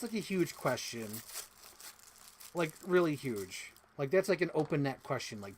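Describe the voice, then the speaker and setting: A young man chatting casually as a toy collector, rambling, excitable and swearing freely. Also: mid-range voice, slight background noise. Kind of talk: casual unboxing chat.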